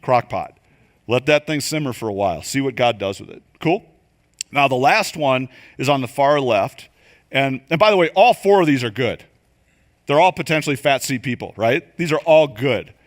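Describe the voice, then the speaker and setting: An older man teaches a room of church group leaders in a loose, conversational way. He is animated and keeps slipping into quick acted voices and asides to make his points. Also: mid-range voice. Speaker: leadership coach. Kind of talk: church training talk. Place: church venue.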